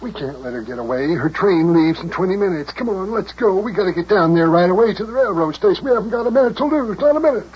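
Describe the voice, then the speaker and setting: An actor playing a fussy, lovesick older country mayor in a children's radio drama, with folksy rural grammar and melodramatic complaints. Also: male voice, high-pitched, fast, hardly any pauses, a little mellow, slightly rough. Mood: frantic. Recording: dull old radio recording, faint hiss.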